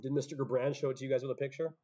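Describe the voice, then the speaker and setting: A high school chemistry teacher gives a classroom lecture, explaining step by step with offhand asides. His mid-range voice holds a steady tone and races along, mellow, with a lo-fi sound.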